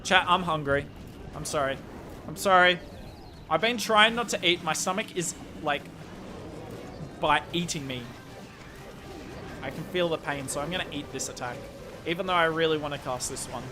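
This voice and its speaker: A young Australian man commentating a strategy game live on stream, with excitable play-by-play and chatty asides to his viewers. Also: on the high side, normal speed, pauses often, music in the background.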